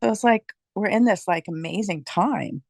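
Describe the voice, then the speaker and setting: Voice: medium pitch, normal speed, creaky, no echo. A participant in a casual group discussion, talking in a rambling, loose way with many fillers.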